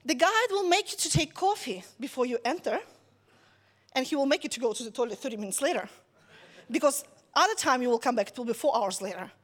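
A woman with a high voice preaches in a relaxed, conversational way. She tells a story with lively asides and keeps checking in with her listeners. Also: fast. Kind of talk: conversational sermon.

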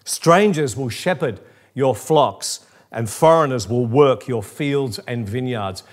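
A man's voice: medium pitch, takes it slowly. A middle-aged man, a pastor, preaching a sermon in a conversational way with humorous asides.

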